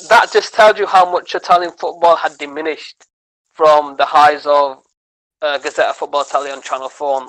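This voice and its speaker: A man chats on a podcast as a guest comedian, telling animated stories. He rambles and restarts his sentences, often tagging them with "right?" and "man". His voice sits a little on the high side. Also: low-quality recording. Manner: chatty, tags lines with "man" and "right?". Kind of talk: casual podcast chat.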